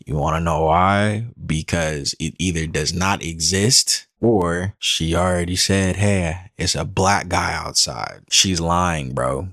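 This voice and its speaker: Low-voiced male reaction host, dry close sound, blunt and accusing delivery. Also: takes it slowly, hardly any pauses, fairly bright tone, no echo. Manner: blunt, accusing, repeats "she's lying". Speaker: commentary host. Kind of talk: reaction commentary.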